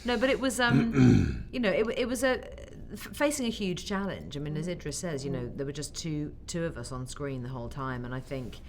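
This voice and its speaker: An English actress in her forties chatting in an interview, telling stories with animated acted-out quotes. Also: low voice, a little fast, few pauses. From England. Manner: animated storyteller, acts out quotes. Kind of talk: casual interview chat. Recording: faint background noise.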